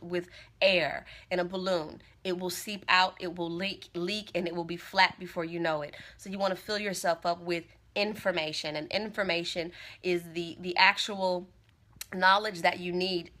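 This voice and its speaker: A woman's voice: on the low side, a bit bright. A woman speaking casually and earnestly on a phone livestream, encouraging her viewers and repeating phrases for emphasis. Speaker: motivational speaker. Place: Tampa.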